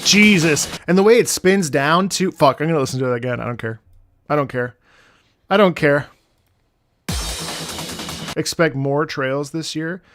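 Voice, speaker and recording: A man streaming live, excitably reacting to music, reading chat and swearing often. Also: fairly high pitch, brisk.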